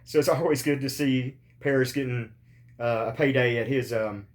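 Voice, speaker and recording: A man's voice: mid-range voice, moderate pace. A man hosting a podcast, in pain after surgery, rambling casually with lots of ums and swearing. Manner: rambling, profane, many ums and uhs. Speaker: podcast host.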